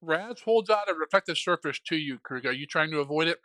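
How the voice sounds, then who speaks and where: A man's voice: fairly high pitch, animated, fast, sharp tone, no echo, clean studio sound. A man narrating as game master in a tabletop game, joking and loose, often rephrasing as he goes.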